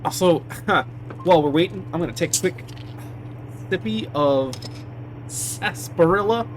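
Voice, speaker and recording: A man streaming a game live and chatting casually with his viewers, chatty and excitable and quick to swear. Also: high-pitched, slight background noise. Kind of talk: casual live-stream chat while gaming.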